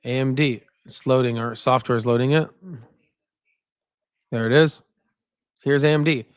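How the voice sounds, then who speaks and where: This man speaks at normal speed with a smooth, mid-range voice and a steady tone; the studio-quality audio has no room sound. On his stock market livestream he rambles casually over viewer comments, frequently adding "right?" to his points.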